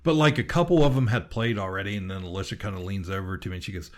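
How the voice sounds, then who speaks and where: A man with a fairly low voice chatting casually on a podcast. He rambles through a story, stopping and restarting often and filling pauses with ums. His tone stays easygoing and conversational. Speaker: podcast co-host.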